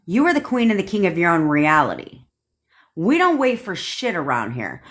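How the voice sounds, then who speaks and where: A woman's voice: on the low side, huge pitch swings, moderate pace, a bit bright. A woman coaching viewers on a livestream, blunt and commanding, swearing often as she gives instructions. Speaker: manifestation coach. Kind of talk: livestream pep talk. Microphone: phone.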